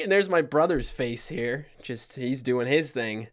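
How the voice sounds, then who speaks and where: A man's voice: mid-range voice, lively intonation, measured pace, hardly any pauses. A young man in his twenties with a Newfoundland accent, telling a childhood story in a casual, joking commentary with the odd swear. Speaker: YouTuber.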